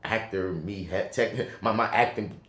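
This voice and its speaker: Man, lowish voice, slangy casual film talk, echoey room. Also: moderate pace. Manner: animated, slangy, profane, swings between loud and soft. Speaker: podcast co-host, film reviewer. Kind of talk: casual film review chat.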